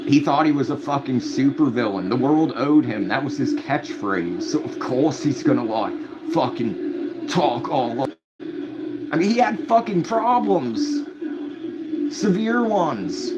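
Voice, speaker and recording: Speaking in a mid-range voice that is animated but measured, a man hosts a late-night livestream from a room at home. His casual chat to the live audience is rambling, story-driven and heavy with swearing, over dull audio with audible background noise.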